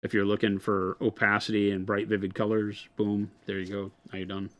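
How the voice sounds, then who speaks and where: A man hosting a live hobby stream, answering viewer questions about paint in relaxed, rambling explanations full of fillers. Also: fairly low pitch, brisk.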